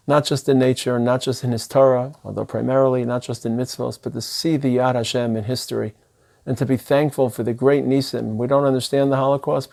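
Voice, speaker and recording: A man's voice: medium pitch, creaky, a little mellow. Impassioned man giving a sermon. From Israel. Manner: impassioned, building in intensity through long lists. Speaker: rabbi giving a holiday address. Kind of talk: sermon-style speech.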